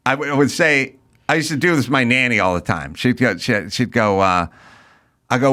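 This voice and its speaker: Animated ranting man telling a story. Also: mid-range voice, brisk. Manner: animated, ranting, acts out quotes. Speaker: podcast host. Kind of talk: casual storytelling.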